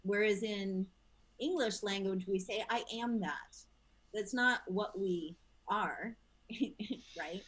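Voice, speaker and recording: A woman's voice: mid-range voice, takes it slowly, a bit bright, breathy edge, low-quality recording. A woman hosting a casual discussion, talking in an earnest, reflective way with many fillers.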